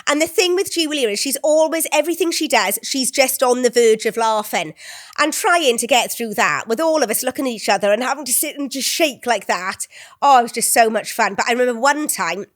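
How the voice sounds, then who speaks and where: A woman with a Swansea Welsh accent, telling lively stories as a guest in an interview and acting out what people said. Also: a little high, brisk. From Wales. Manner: animated storyteller, acts out quotes. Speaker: actress guest. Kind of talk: anecdotal interview chat.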